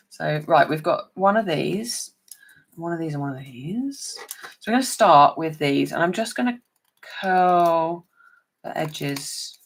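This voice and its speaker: Here a woman with a lowish, gravelly voice shows off papercraft live. She chats away as she works, greeting her viewers by name.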